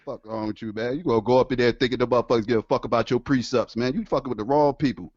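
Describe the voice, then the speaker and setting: A man ranting on his stream in a casual, profane, animated way, laughing often. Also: medium pitch, very fast, dry recording. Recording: dull lo-fi dry sound.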